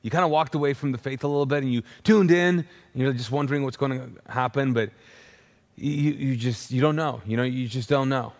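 A male preacher telling a personal conversion story in a conversational, animated sermon style, with frequent restarts. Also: mid-range voice, fairly quick, long reverb tail.

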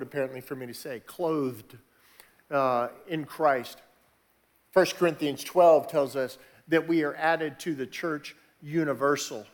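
A man preaching a sermon, moving from quiet, conversational teaching to raised, emphatic preaching. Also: a little high. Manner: conversational, with restarts and asides. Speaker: pastor.

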